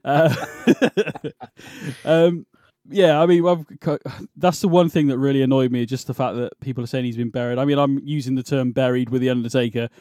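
A British man co-hosting a casual wrestling podcast, dry and deadpan in his delivery and quick to laugh. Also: mid-range voice, no echo. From Britain. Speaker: podcast co-host.

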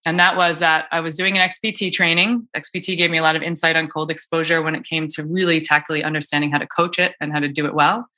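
A bright-voiced woman coach talks through cold exposure in a loose, chatty way, full of fillers and restarts. Her voice sits a little low for a woman. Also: fairly even intonation, fast, hardly any pauses. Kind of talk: casual podcast conversation.

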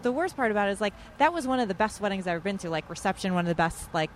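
A woman's voice: mid-range voice, very fast, a little hiss or hum. A young woman guest on a podcast, telling a story in casual chat and acting out other people's lines with animation, recorded outdoors in a city park. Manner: animated, quotes others in lively voices.

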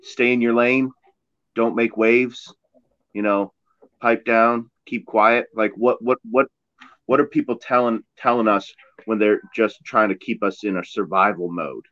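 Bright-voiced joking man, dry dull mic. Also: lowish voice, steady tone, unhurried, no room sound. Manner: joking, playful riffing. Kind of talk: casual podcast banter.

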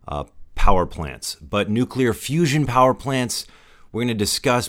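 Male podcast host, very low voice, chatty and upbeat. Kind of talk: casual solo podcast talk.

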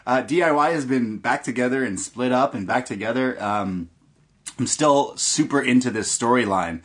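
A man's voice: medium pitch, a bit bright. A young man hosting a podcast who recaps a wrestling show in loose, jokey chat with the odd swear word. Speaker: podcast host.

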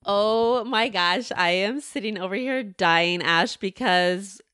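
A woman's voice: mid-range voice, slow, pushed and bright, clean tone, no echo, clean studio sound. A woman co-hosting a podcast over a call, reacting effusively and enthusiastically to her guest. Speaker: podcast co-host. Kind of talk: casual podcast chat. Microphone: remote call.

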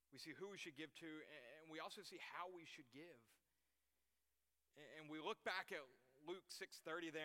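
A man's voice: a little high, bright, forceful tone, big-room sound. A man preaching a sermon as pastor, repeating key lines for emphasis.

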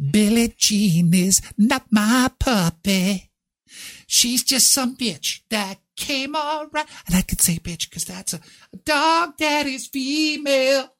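A squealing falsetto pop-star dog. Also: male voice, bright, forceful tone, heavily acted.

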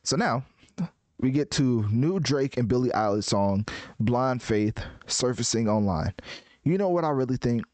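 A man giving casual music commentary in a rambling, animated way, often restarting his sentences. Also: medium pitch, a little slow, no echo.

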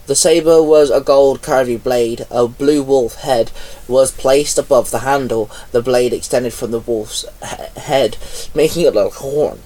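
A man reading his own action story aloud at an unhurried pace, now and then pausing on a stumble. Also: medium pitch, warm tone. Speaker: fan fiction reader. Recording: voice a bit far from mic.

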